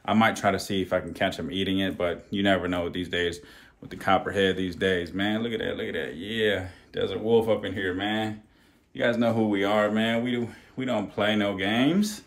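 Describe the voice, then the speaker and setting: A man's voice: fairly low pitch, steady tone, moderate pace, creaky. A man hosting a casual vlog, slangy and hyped, swearing freely. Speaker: channel host.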